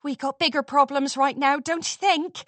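A bold, blunt young filly , voiced by a woman reading a storybook. She calls out loudly in a raised voice. The sound is dry and close. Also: high voice, steady tone, normal speed, no room sound, voice pushed up. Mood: urgent. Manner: blunt, yelling.

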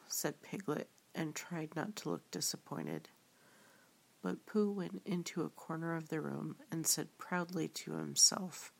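A woman reading a story aloud in a soft, often whispered way. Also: deep voice, animated, measured pace, vocal fry, slightly rough. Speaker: reader.

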